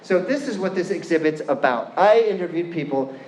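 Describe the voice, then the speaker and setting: A man's voice: on the high side, animated, fairly quick, darkish tone, a little hiss or hum. A man with a Californian accent giving a playful, chatty university lecture and asking the audience questions. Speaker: guest lecturer. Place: lecture hall. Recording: echoey hall with faint room ambience.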